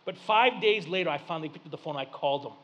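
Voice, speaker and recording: A man preaching a sermon as pastor, talking in plain folksy speech and moving between loud, lively preaching and quiet, hushed storytelling. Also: a little high, quick pace, lo-fi sound.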